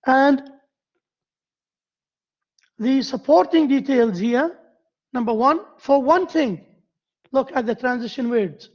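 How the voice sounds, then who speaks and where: A woman with an Arabic accent giving a university lecture. She pauses often, repeats key phrases and asks the class questions. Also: high voice, darkish tone. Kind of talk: classroom lecture on essay writing. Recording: dull lo-fi lecture recording.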